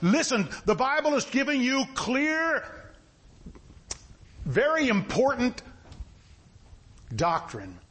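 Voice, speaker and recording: A man's voice: very high-pitched, very animated, slow, pauses often, fairly bright tone, husky. A man preaching a sermon in a folksy style, asking his listeners questions again and again. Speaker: pastor.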